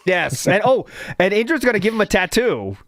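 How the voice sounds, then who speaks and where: Man, podcast host, higher voice, dry recording, casual rambling chat, jokey. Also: sing-song, a little fast, a bit bright, dry recording. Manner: rambling, joking, reads chat comments aloud.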